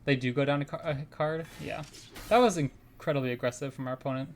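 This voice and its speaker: A man's voice: mid-range voice, fast, a little hiss or hum. A man streaming a card game, chatting casually and thinking aloud about his plays and giving frank opinions into a desk microphone at home. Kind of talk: casual gameplay commentary.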